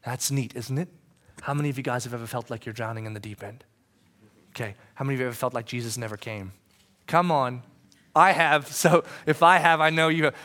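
A male pastor giving a sermon in a church, talking conversationally, asking the congregation questions and moving between quiet moments and shouting. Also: mid-range voice, brisk.

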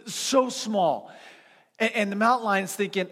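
A man preaching a sermon as pastor to a seated church congregation, in a conversational, animated storytelling manner with frequent restarts. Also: high-pitched, moderate pace, in a large hall.

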